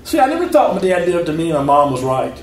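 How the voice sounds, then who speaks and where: A man in his fifties giving a personal story talk, animated, acting out the voices in his stories. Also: a little high, very fast. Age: 50s. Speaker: speaker. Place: lecture hall. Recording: echoey hall, from far off.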